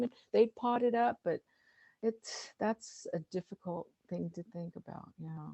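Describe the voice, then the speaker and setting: A woman's voice: low-pitched, fairly even intonation, normal speed, gravelly, mellow, no room sound. A middle-aged woman, a guest speaker and master gardener, talking casually with many fillers and restarts. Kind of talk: casual conversational talk.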